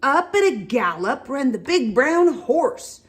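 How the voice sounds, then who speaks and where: A woman reads a picture book aloud to young children, pausing to ask them questions and make the animal sounds. Her voice is high and swings widely in pitch. She speaks very slowly and clearly. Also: big pitch swings, slight background noise. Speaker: storytime reader.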